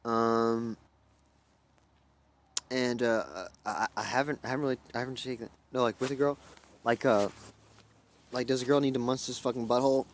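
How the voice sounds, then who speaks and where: A man's voice: mid-range voice, fairly even intonation, normal speed, long pauses, slight background noise. A young man from Louisiana hosting a livestream, talking in a rambling, profane, erratic way that jumps between topics. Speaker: livestream host. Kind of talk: rambling casual livestream chat.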